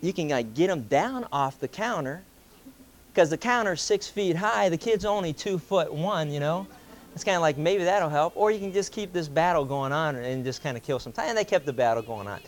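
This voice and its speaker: A man's voice: fairly high pitch, normal speed. A man telling a casual, anecdotal story to a group, acting out quoted voices and chuckling as he goes. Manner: animated, acts out quoted voices, chuckles between lines.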